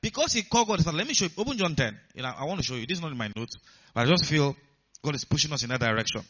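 Man preaching with a high, sharp tone, punching up key lines; muffled lo-fi audio. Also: very animated, rapid-fire. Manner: rising to emphatic bursts, asks the congregation questions. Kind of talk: sermon. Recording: dull lo-fi sound.

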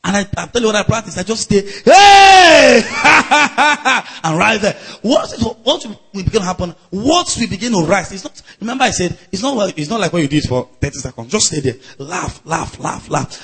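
A man preaching a sermon to a live congregation, laughing out loud and shouting chanted refrains. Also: high-pitched, sing-song, quick pace, few pauses, slightly rough.

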